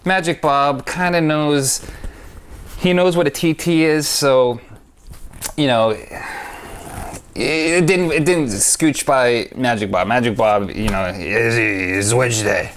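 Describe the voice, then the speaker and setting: A man's voice: mid-range voice, takes it slowly, a bit bright, a little hiss or hum. Rambling, enthusiastic man talking magic. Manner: rambling, stop-start, self-correcting. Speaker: magician reviewing his own trick. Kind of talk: casual talk to camera.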